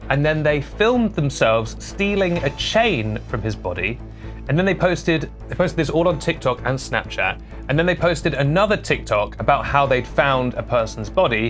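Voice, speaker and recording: Dry, sarcastic male news host. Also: medium pitch. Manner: dry, sarcastic, self-deprecating asides. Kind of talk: scripted online news commentary.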